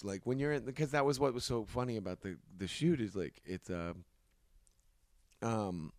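A young man in casual podcast chat, telling lively anecdotes and slipping into quick put-on voices. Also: on the low side, no room sound, clean studio sound. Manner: animated storyteller, puts on voices in anecdotes.

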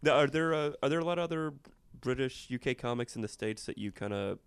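A man's voice: mid-range voice, lively intonation, fast talker, clear, resonant tone, no room sound. A man hosting a comedy podcast, chatting casually and jokily with a guest. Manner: friendly, jokey, many fillers. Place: lives in Los Angeles.

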